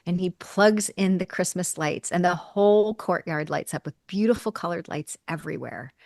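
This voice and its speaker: Animated woman recapping a show, dry close sound. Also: lowish voice, moderate pace, gravelly, dry recording. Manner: animated storyteller, laughs often. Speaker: podcast co-host. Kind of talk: casual chat recapping a TV episode.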